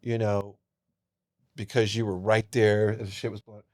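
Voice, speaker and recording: A man guest on a podcast, telling an emotional personal story, who swings from loud and animated to hushed and tearful and swears casually. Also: fairly low pitch, moderate pace. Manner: swears casually, calls listeners dude.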